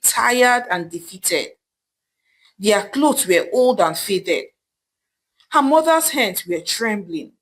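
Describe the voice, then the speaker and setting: A woman narrating a folktale in a dramatic, expressive way. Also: medium pitch, rough recording. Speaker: storyteller.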